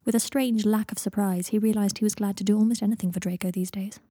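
Soft-toned woman narrating an audiobook. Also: mid-range voice, fast, breathy edge, no room sound, clean studio sound. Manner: quiet, steady narration. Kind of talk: audiobook fan fiction reading.

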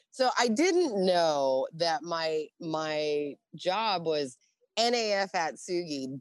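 In a low voice recorded cleanly in a studio with no echo, a Navy veteran woman in her forties recounts stories in a casual interview. Her delivery is energetic and foul-mouthed, full of laughter and acted-out dialogue.

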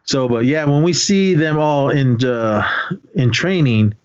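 A man's voice: medium pitch, lively intonation, a little slow, clean tone, dull audio. A man co-hosting a podcast, recapping films in casual chat with lots of fillers and quoted lines. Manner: rambling and hesitant, full of fillers, acting out film lines. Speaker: podcast co-host.

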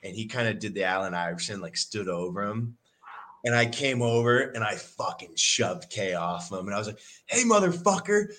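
A young man and football player chatting casually on a podcast, telling stories in a profane, animated way. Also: on the low side, normal speed.

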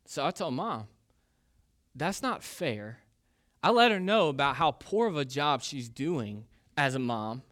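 Bright-voiced storytelling male pastor. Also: fairly high pitch, lively intonation, moderate pace, hardly any pauses. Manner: conversational, self-deprecating, with frequent fillers. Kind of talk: sermon with personal storytelling.

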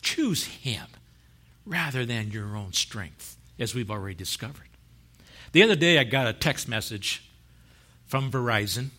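Lively preaching man, bright tense voice. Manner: storytelling, swinging from low and soft to loud and high; laughs often. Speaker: pastor. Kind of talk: sermon.

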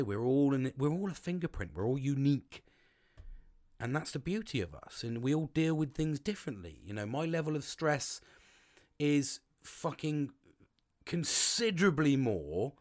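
A middle-aged man, hosting his own podcast from his home cabin. He swears a lot and rambles with many restarts. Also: medium pitch. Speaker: podcast host. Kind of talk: casual solo podcast monologue. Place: home log cabin studio.

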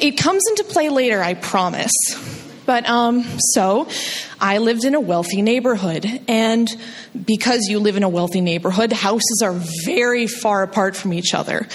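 A woman from New Jersey telling a funny personal story on stage at a live storytelling show, poking fun at herself and jumping up in pitch for quoted voices. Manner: self-deprecating, jumps high for quoted voices. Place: stage in a hall. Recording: long hall reverb.

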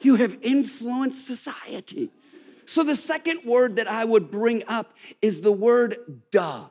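An American man preaching a sermon to a congregation, building to shouted exhortations and calling for responses. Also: very high-pitched, a little slow. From United States. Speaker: pastor. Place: church before a live congregation.

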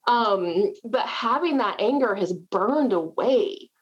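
Talking slowly with a breathy edge to her mid-range voice, a middle-aged Southern American woman makes chatty, self-deprecating conversation at home. She stays animated and laughs frequently. The audio is dull.

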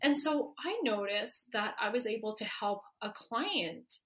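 This is a woman in her forties chatting as a guest about her work as a healer. Her voice sits a little high and sounds bright and clear. She talks in an animated way, laughs easily and slips into little voices when quoting people. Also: a little slow. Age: 40s. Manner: animated, laughs often, acts out quoted dialogue. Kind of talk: casual interview conversation.

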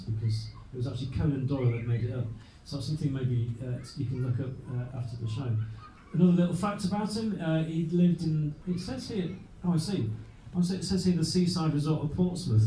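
A man's voice: mid-range voice, fast, few pauses, warm tone. A man hosting a live show, chatting as he reads facts from his notes. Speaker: host. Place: live venue. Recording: echoey room, from far off with faint noise.

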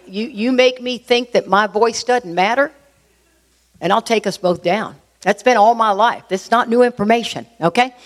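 Middle-aged woman telling a confiding story. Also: mid-range voice. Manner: lively, confiding, addresses listeners directly. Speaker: speaker sharing a recovery story. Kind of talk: personal storytelling talk to an audience.

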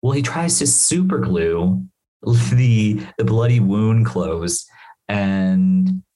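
Low-voiced man rambling through a recap. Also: takes it slowly, low-quality recording. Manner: rambling, animated storytelling with asides and profanity. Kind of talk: casual solo podcast recap.

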